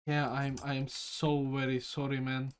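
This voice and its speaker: Slow-talking rambling young man. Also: mid-range voice, monotone, background noise. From Germany. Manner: rambling, joking, bursts into shouting. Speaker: podcast co-host. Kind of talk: casual chat. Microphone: online voice call.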